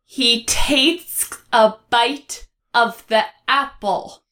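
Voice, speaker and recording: A woman co-host on a casual podcast with a bright, forceful voice pitched a little high. She giggles often and runs through scene recaps at a quick clip.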